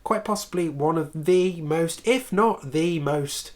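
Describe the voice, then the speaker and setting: A man's voice: a little high, slow. A man hosting a casual film review video, chatty and opinionated, with sarcastic swearing asides.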